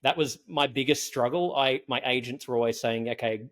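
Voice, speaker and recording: A man's voice: medium pitch, moderate pace. A man in his thirties with an Australian accent, hosting a podcast and chatting casually with a guest. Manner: relaxed, chatty, says "mate". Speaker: podcast host. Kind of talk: casual interview chat with scripted intro.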